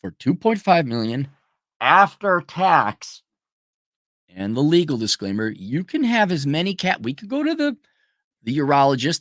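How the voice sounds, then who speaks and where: A man's voice: high-pitched, fairly bright tone, dry recording, studio quality. A middle-aged man hosting a personal monologue, blunt and profane, ranting animatedly and breaking into mocking impressions. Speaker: show host.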